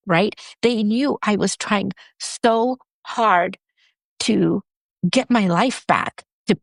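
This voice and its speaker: Brief: woman guest, lively storyteller acting out quotes, mid-pitched, dry close mic. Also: vocal fry, no echo. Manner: animated, acts out quoted speech with big pitch jumps. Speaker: guest, writer and director. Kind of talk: conversational storytelling in an interview.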